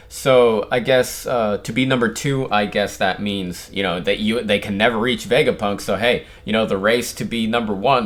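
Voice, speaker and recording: A man's voice: lowish voice, a bit bright. A young man casually reacting to manga chapters and reading them aloud, with frequent fillers and restarts.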